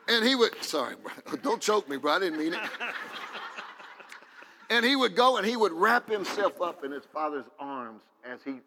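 A man preaching a fervent sermon as pastor, now and then rising to shouts. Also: fairly high pitch, in a large hall.

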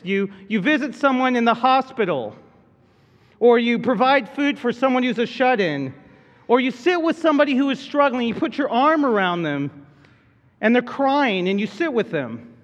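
High-voiced man preaching in a hall. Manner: conversational preaching with repetitions and restarts. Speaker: pastor. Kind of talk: sermon. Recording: dull reverberant hall sound.

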